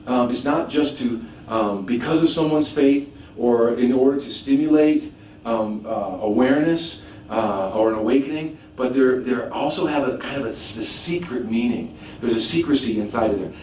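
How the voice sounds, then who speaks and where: A man's voice: medium pitch, normal speed. Preacher man in an echoey hall. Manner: animated, rhetorical questions, frequent restarts. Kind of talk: sermon teaching. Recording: echoey room, mic at a distance, faint background noise.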